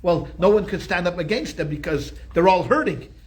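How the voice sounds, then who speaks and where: A male rabbi teaches a Torah class, recounting the story in a lively, conversational manner and often restarting his sentences. He has a high voice and speaks at a moderate pace.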